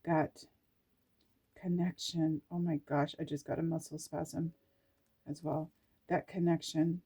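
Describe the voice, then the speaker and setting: A woman's voice: low voice, level tone, slow, dark tone, breathy edge. A woman vlogger reading scripture aloud and reacting with emotional spiritual exclamations.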